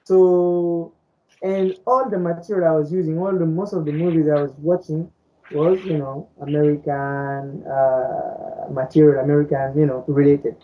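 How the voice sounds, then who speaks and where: A woman's voice: sits low, fairly even intonation, moderate pace. A woman podcast co-host from French-speaking Africa, a native Fulani speaker, chatting casually, rambling and repeating words with many "you know"s. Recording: dull lo-fi audio.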